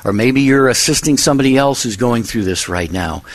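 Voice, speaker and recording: Calm consoling man on radio. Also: mid-range voice, brisk, no echo. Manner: calm, consoling, frequent "you know". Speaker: co-host of a Catholic call-in radio show. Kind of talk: call-in radio talk.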